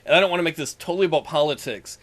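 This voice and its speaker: A man's voice: a little high, racing, fairly bright tone. A man co-hosting a casual gaming podcast, joking and teasing his co-host.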